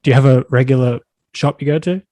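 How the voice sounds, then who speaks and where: A man hosting a casual podcast, moving easily through quick questions. His voice sits at a middling pitch. The sound is dry and close. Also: no room sound. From Australia. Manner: relaxed, quick quiz-style questions. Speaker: podcast host. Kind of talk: casual interview chat.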